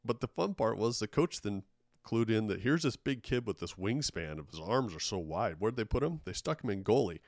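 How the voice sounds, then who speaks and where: A man's voice: fairly low pitch, animated, normal speed, dry recording, studio quality. A middle-aged man hosting a casual interview, telling a reflective personal story. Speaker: podcast host.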